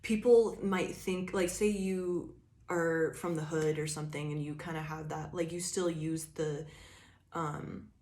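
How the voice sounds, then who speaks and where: A woman's voice: low voice, steady tone, a little slow, darkish tone, roomy sound. A woman giving a casual tarot reading, swearing freely and rambling with lots of fillers. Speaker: tarot reader.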